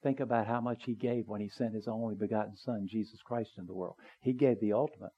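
Earnest preacher, swelling then hushed. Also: male voice, on the low side, steady tone, quick pace, breathy edge, dull audio. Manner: earnest, rising to emphatic pleading, then dropping soft; conversational with small asides. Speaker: pastor. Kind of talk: sermon. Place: church sanctuary, also live streamed.

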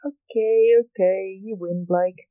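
A woman voicing a quick-tempered young male magician who answers sharply and defensively, in a storybook reading. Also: medium pitch, fairly even intonation, clear, resonant tone, dry recording, narrow, tinny audio, lightly acted.

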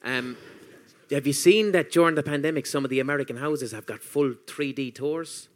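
A man's voice: medium pitch, normal speed. A man hosting a podcast, chatty and swearing as he tells stories. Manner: chatty, swears, laughs at his own stories. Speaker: podcast host. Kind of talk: casual chat.

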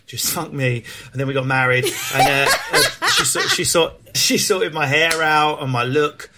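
A stand-up comedian from England with a London Cockney accent chats candidly and animatedly in an interview, swearing freely and restarting his sentences. His voice is a little high and sing-song at normal speed, and the audio is very noisy.

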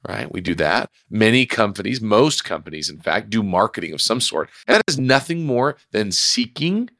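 This podcast host has a lowish, sharp voice and delivers his solo monologue at a moderate pace yet very animatedly. The studio recording is dry and clean as he reflectively shares a personal story in a conversational tone.

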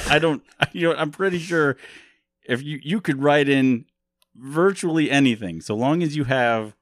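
A man's voice: a little high, measured pace, no echo. A young man co-hosting a podcast in casual chat, rambling and laughing often. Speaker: podcast co-host.

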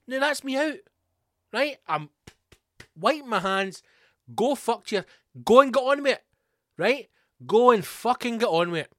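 A man's voice: on the high side, fairly bright tone, no room sound, clean studio sound. A middle-aged Scottish man hosting a podcast, delivering a profane, angry ranting monologue. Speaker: podcast host.

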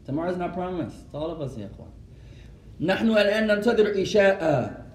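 A man teaching a mosque lesson and answering questions, mixing Arabic phrases into his English, in a gently instructive way. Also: high-pitched, a little hiss or hum. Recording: roomy echo, voice from far off.

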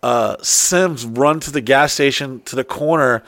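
Profane excitable man telling a story. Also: medium pitch, unhurried, dry recording. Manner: profane, excitable, acts out quotes. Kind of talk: casual storytelling chat.

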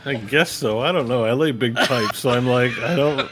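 A man's voice: medium pitch, normal speed, very noisy. A man co-hosting a podcast, joking bluntly and laughing often in casual chat. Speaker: podcast co-host.

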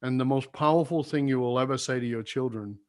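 Older male guest, earnest, confessional storyteller, softens at the tender moments. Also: a little fast. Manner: earnest, confessional, drops soft and low when recalling apologies. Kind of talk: reflective personal storytelling.

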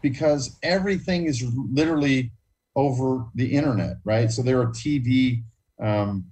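A man's voice: medium pitch, moderate pace, darkish tone, distant mic, poor audio. An American man in a casual chat, enthusiastic, repeating words and filling with "you know". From United States.

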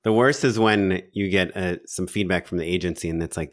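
Low-voiced guy hosting a podcast, laid back, dry close mic. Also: a little fast, few pauses, dry recording. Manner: relaxed, storytelling, uses many fillers. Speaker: podcast host. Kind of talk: casual podcast chat.

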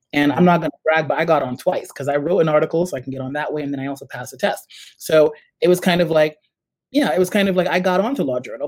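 A middle-aged man with a New York accent talks fast in a somewhat high voice, animated and full of stories. He slips into quick impressions of the people he quotes. The sound is dry and close. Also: no echo, rough recording. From United States. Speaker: startup CEO, guest. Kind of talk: casual interview conversation.

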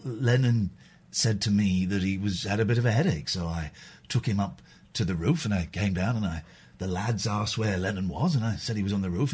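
A man putting on the voice of a posh older record producer telling a backstage story in a plummy, unhurried way. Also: on the low side, a little mellow, husky, pitched below the performer's own voice.

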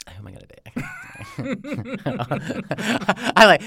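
A man co-hosting a podcast, teasing his partner with quick jabs in casual chat. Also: fairly high pitch, sing-song, sharp tone, dry recording. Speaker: podcast co-host.

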